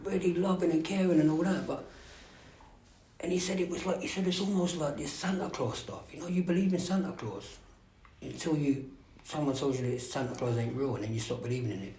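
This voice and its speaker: A man's voice: fairly high pitch, brisk, dark tone. A man gives a candid, rambling personal share at a recovery meeting, swearing freely and often asking whether listeners know what he means. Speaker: speaker sharing at a recovery meeting. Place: meeting room. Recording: echoey room with faint background noise.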